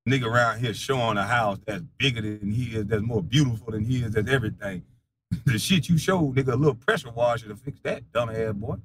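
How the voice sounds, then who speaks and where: A man in a heated, profane monologue, defiant and mocking, laughing scornfully and swinging between low mutters and loud taunts. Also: fairly quick, background noise. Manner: casual slang-heavy speech.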